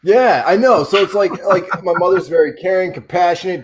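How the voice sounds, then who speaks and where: A man's voice: sits high, brisk, hardly any pauses, a little hiss or hum. A man hosting a casual online talk show, telling stories full of swearing. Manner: profane, animated storyteller. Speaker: show host. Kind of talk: casual storytelling chat.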